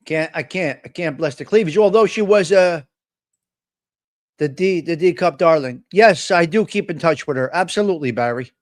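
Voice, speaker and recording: High-voiced man ranting profanely. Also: moderate pace. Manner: profane, excitable rants. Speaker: host. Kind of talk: live-stream casual chat.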